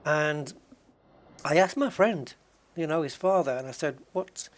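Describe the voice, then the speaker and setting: A man's voice: on the high side, a little slow. A man chatting casually as he plays a game, rambling and often restarting his sentences. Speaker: game streamer. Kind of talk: casual chat while gaming.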